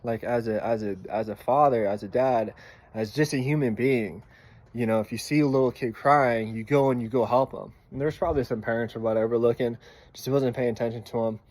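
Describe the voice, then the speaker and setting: A young man recounting a story from his day as a dad in a casual vlog. His voice sits at an ordinary middle pitch. He talks loosely, with plenty of fillers and some swearing. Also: steady tone, brisk, darkish tone. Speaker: father telling a story.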